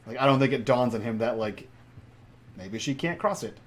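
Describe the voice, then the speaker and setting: A man's voice: medium pitch, animated, moderate pace, slight background noise. A man playing a tabletop game, thinking aloud about his moves with plenty of fillers. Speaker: player. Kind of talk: casual tabletop play.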